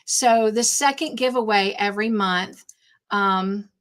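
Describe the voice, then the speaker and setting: A woman's voice: mid-range voice, a little slow, fairly bright tone, smooth. A woman hosting a craft livestream, chatting casually and rambling, repeating herself when nervous. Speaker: craft channel host.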